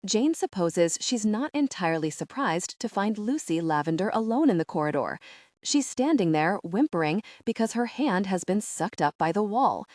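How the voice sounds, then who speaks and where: A woman narrates an audiobook with expressive storytelling, reading scripted narration in a mid-range voice at a moderate pace. The recording is dry and studio quality.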